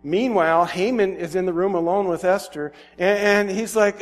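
A man's voice: sits high, normal speed, few pauses. A man preaching, casually retelling a story and acting out its scenes. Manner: casual, acts out scenes with filler words. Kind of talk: animated sermon storytelling.

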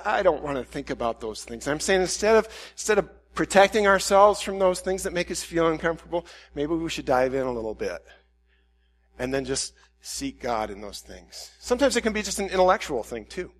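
A man with a fairly high voice gives a reflective sermon in a candid, self-questioning way. He works through his doubts out loud and acts out the questions he asks himself. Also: animated, a little fast. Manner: candid, self-questioning, with quoted inner dialogue.

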